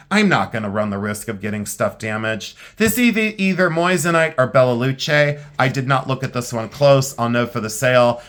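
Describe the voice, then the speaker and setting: A tired middle-aged man talks through vintage pieces in a loose, rambling way, at an ordinary mid pitch. He sounds frank and plainspoken, owning up to being worn out. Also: a bit bright. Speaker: vintage jewelry seller. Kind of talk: casual sale preview chat.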